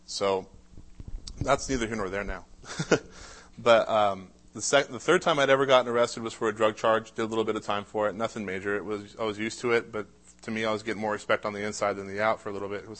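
Man, lowish voice, personal testimony, casual storytelling, filler-heavy. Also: fairly bright tone. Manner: conversational, frequent "uh" fillers and restarts. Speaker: speaker sharing a personal testimony.

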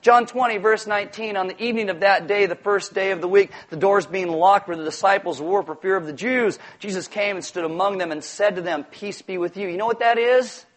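A middle-aged man preaching a sermon as pastor, animated and jokey, acting out little voices. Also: sits high, a little fast, hardly any pauses.

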